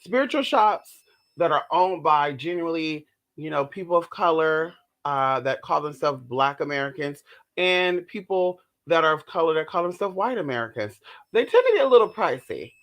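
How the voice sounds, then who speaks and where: A woman in a casual haul vlog, chatty and profane, who keeps calling her viewers girl and y'all and squeals high when she shows off what she bought, talking from home. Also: lively intonation, moderate pace, rough recording. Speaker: vlogger.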